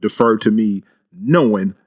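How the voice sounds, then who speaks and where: Laid-back low-voiced young man. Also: measured pace, a little mellow. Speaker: podcast co-host. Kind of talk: casual chat.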